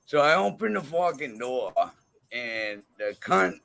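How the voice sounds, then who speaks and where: A man hosting a livestream, telling a rambling, profanity-filled story while drunk and high, laughing mid-sentence. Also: big pitch swings, measured pace, gravelly, sharp tone, soft background music. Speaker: livestream host.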